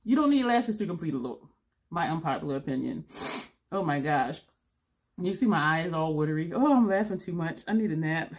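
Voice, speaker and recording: Talking to camera as a beauty vlogger, a woman in her fifties speaks in a low-sitting, expressive voice at a brisk pace. She rambles bluntly in a casual way, laughing occasionally and seeming a little tired.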